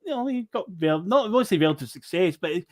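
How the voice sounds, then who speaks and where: Scottish podcast host, measured recaps. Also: male voice, high voice, lively intonation. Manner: measured, recaps events for listeners. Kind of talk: casual football chat.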